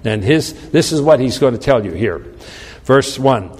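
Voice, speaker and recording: Emphatic preacher in a reverberant hall. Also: male voice, medium pitch, expressive. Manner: emphatic preaching, slows on quoted scripture. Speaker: pastor. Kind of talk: sermon.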